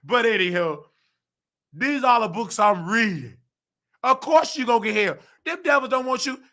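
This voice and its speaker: Gravelly high-voiced man ranting hotly. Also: animated, moderate pace, sharp tone. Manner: heated, preachy, slangy ranting; mimics other people's voices in quotes. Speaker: host; nursing assistant. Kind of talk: ranting vlog monologue.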